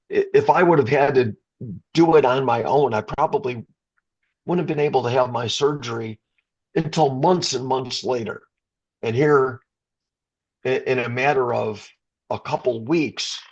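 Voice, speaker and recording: A man's voice: mid-range voice, a little mellow, slightly rough, muffled recording. A middle-aged man from the Chicago area, a rock singer, telling an emotional story in an interview, stumbling and restarting and getting choked up. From Chicago area, USA.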